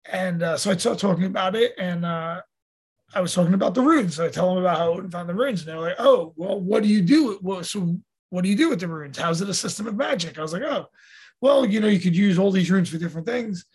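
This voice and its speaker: A man's voice: high voice, animated, fast talker, breathy edge. A man talking as a podcast guest and coach, telling stories in an earnest, casual way and swearing now and then. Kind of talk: casual conversational storytelling.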